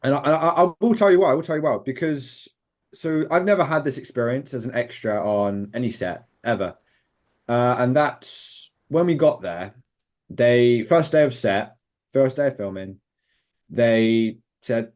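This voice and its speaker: A young British man speaks as an interview guest, recounting his time as a film extra. He rambles enthusiastically, with frequent fillers and restarts, at a middle pitch. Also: measured pace, darkish tone. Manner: enthusiastic, rambling, lots of fillers and quoted voices. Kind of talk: casual interview storytelling.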